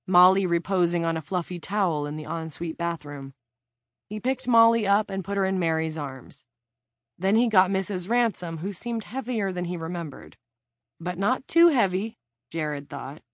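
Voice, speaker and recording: A woman reading a novel aloud in steady, measured storytelling narration. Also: fairly low pitch, dry recording, studio quality. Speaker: audiobook narrator. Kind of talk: scripted narration.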